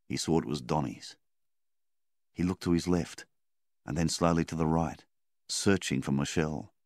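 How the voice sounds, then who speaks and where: Very deep-voiced male story narrator. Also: gravelly, no echo, studio quality. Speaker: story reader. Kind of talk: audiobook narration.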